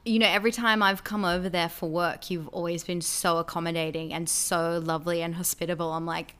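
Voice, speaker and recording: Playful woman host, lower voice. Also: little pitch movement, a little fast, few pauses, a bit bright, smooth. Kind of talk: casual chat.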